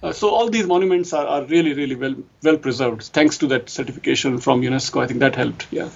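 A man's voice: medium pitch, fast talker, creaky, highs cut off. A man from India with an Indian accent, a guest in a casual conversation, often laughing lightly and repeating yes. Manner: frequent laughs and repeated yeses.

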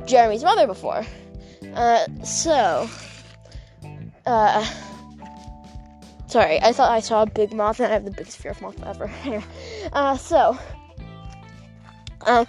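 A woman telling a rambling story while she walks outdoors at night. She giggles often and fills her speech with "like". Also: a little high. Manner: rambling, giggly, full of fillers like "like". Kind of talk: casual vlog storytelling.

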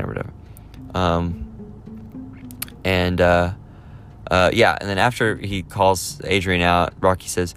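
A man's voice: low-pitched, flat delivery, a little slow, pauses often, fairly bright tone, faint music behind. A man chatting casually as a movie vlogger, rambling with lots of fillers and restarts. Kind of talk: casual chat.

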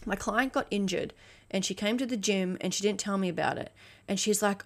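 A woman fitness and mindset coach gives a motivational solo podcast talk in a fast, steady, medium-pitched voice. She's blunt and emphatic, swears freely, and keeps checking in with "okay?".

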